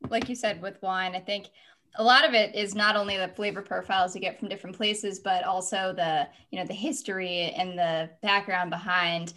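A woman's voice: mid-range voice, steady tone, normal speed, bright, forceful tone. A woman co-hosting a podcast, talking in a thoughtful, conversational way. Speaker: podcast co-host. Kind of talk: casual podcast chat.

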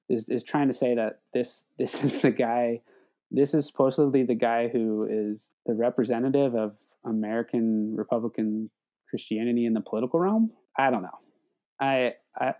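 A young man talks through his thoughts as a podcast guest, his voice warm and mellow. He hesitates often, repeating words and restarting his sentences as he works out what he means. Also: medium pitch. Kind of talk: reflective conversational talk.

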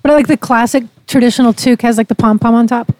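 A woman's voice: a little high, steady tone, fast, darkish tone, poor audio. A woman from Manitoba, chatting as a guest and answering questions in a laid-back, amused way. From Manitoba, Canada. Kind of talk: casual chat.

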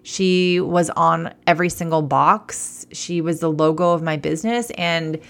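A woman in her thirties with a low voice and gravelly fry tells a story in a rambling monologue. She talks casually, stops to correct herself and backtracks often, like a shop owner chatting with her listeners. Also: unhurried. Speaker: e-commerce business owner, podcast host.

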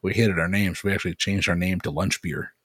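A man hosting a casual podcast chat with friends, talking quietly and joking, in a low hushed voice. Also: fairly even intonation, fairly quick, breathy edge, dry recording, studio quality. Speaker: podcast host.

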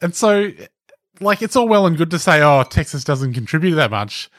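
A man's voice: a little high, big pitch swings, moderate pace, fairly bright tone, no room sound, clean studio sound. A man co-hosting a casual chat podcast, telling wry anecdotes. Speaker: podcast co-host.

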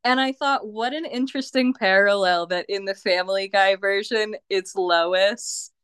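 A woman guest on a podcast, chatting casually in an unhurried way and laughing often. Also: medium pitch, a bit bright, clear, resonant tone, no echo, studio quality. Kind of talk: casual chat.

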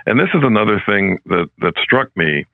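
A male professor speaking as a podcast guest, in an earnest, measured and reflective way, heard over a narrow phone-like line. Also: fairly low pitch, lively intonation, no room sound. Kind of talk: podcast interview. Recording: phone-like, dry, narrow sound.

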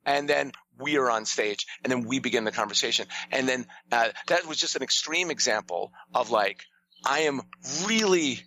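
A man, a storyteller and playwright, telling an animated backstage story in a conversational interview, acting out quotes with sudden jumps in pitch. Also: moderate pace, poor audio.

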